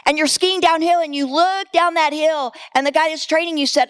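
A middle-aged woman preaching a sermon, animated and candid, mixing scripture with personal stories and laughing at herself. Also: high-pitched, fairly quick, few pauses.

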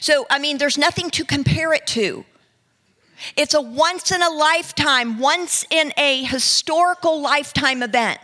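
A woman preaching a sermon, reading scripture slowly and talking with her listeners in a conversational way. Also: high voice, bright, forceful tone. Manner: conversational, addresses listeners directly; reads scripture slowly and deliberately.

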